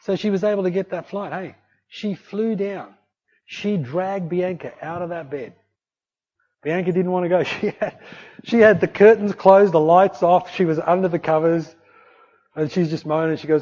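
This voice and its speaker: In a sermon, a man narrates a story with energy, acting out the different characters' voices. His pitch is fairly high and his pace moderate, and the recording sounds dull and low-quality.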